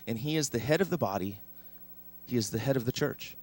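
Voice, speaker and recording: A man's voice: mid-range voice, animated, brisk, a little mellow, faint music behind. A man preaching a sermon as pastor, emphatic and leading the congregation in repeating a verse. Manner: emphatic, leads congregation in call-and-response. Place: church sanctuary.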